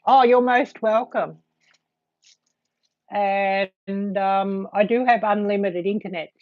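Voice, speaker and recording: A woman hosting a casual livestream, chatting to viewers in a halting way full of ums. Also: mid-range voice, no room sound. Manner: halting, filled with frequent ums. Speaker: livestream host. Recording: dull lo-fi dry sound.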